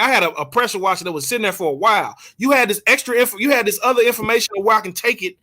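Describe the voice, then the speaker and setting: A man talks in casual chat, telling a story with a lot of animation and laughing as he goes. His voice sits high and sounds bright and forceful, and he sometimes stops to hunt for a word. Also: very fast, few pauses. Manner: animated storyteller, laughs often, searches for words. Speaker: co-host.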